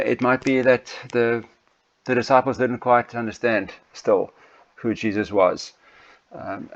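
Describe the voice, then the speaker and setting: A man preaching a study of a Bible passage, talking loosely with many ums, pauses and restarts. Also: low-pitched, a bit bright. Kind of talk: sermon text study with slides. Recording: dull lo-fi sound.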